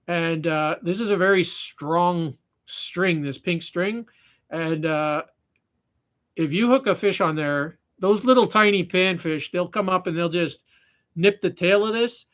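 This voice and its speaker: An unhurried Canadian man with a high-pitched, fairly bright voice hosts a casual fly-tying live stream. He rambles, frequently trailing off and restarting his sentences, with many fillers.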